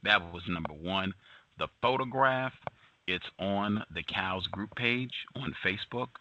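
Low, forceful man hosting a radio show. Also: dull audio, a little hiss or hum. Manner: emphatic, repeats points slowly. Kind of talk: commentary reading the news.

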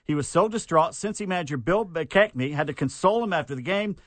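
A man's voice: a little high, animated, fast talker, a bit bright, no echo. A man reading sports news on a radio show in a dry, wry way, slipping jokes in between the items. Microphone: studio microphone.

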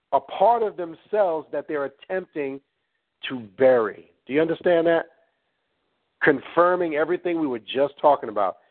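A man hosting a talk and teaching in a blunt, preachy way, swearing as he goes. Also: a little high. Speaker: host. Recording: tinny phone-like line.

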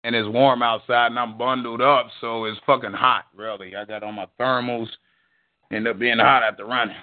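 A man's voice: mid-range voice, fairly even intonation, normal speed. A middle-aged man hosting a live stream, out of breath, cursing and rambling casually at his viewers. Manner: profane, rambling, addresses viewers as "y'all". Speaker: livestream show host. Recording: tinny phone-like audio.

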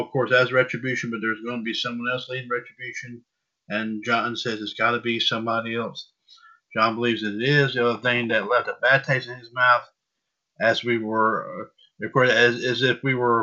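A man's voice: medium pitch, bright, forceful tone. A man co-hosting a wrestling podcast, chatting casually and stumbling over names. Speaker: podcast co-host. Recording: dull lo-fi sound.

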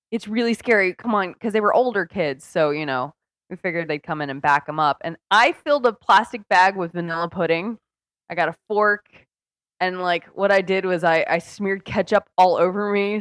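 Female podcast co-host, giggly, self-mocking, mid pitch, dry close sound. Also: no echo. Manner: giggly, self-deprecating storyteller. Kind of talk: casual chat.

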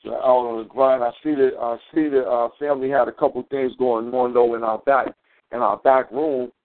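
A man's voice: mid-range voice, steady tone, normal speed. A man hosting a casual live talk show, ranting in a heated, profane, rambling way. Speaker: show host. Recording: tinny phone-quality audio.

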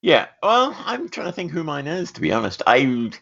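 A man's voice: a little high, wildly swooping pitch, moderate pace, gravelly, fairly bright tone, dull audio. A man co-hosting a podcast, chatting in a meandering way and laughing easily. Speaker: podcast co-host. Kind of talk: casual chat.

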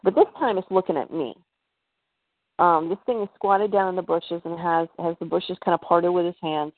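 A woman's voice: lowish voice, normal speed, dry recording. A woman as a podcast guest, telling a personal story in a hesitant way, full of fillers and restarts. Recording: tinny phone-like line.

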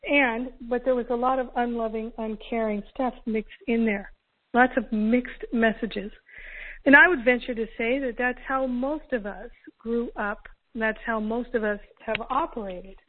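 A woman teaching on a call-in show, unhurried and earnest. Her voice sits a little high. She comes through a narrow, tinny phone line with a dry, close sound. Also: steady tone, no echo. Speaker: host.

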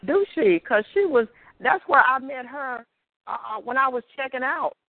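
A woman giving a rambling church testimony, halting with fillers and restarts and breaking into praise to God. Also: high voice, animated, no room sound, phone-quality sound.

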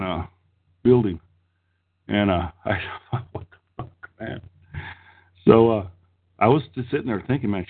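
A middle-aged man telling a crude, rambling story in casual chat, swearing freely and laughing as he goes. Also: on the low side. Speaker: storyteller on a podcast. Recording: tinny phone-like line, husky.

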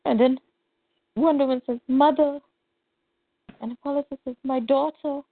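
A high-voiced woman co-hosting a podcast gives an animated, casual rundown of a comic's plot at a moderate pace, voicing each character's lines. The sound is dry and tinny, like it was captured on a phone.

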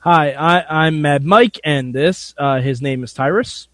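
A man co-hosting a wrestling podcast, excitable and goofy, laughing often. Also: fairly high pitch, measured pace, no echo. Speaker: podcast co-host. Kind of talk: casual podcast chat.

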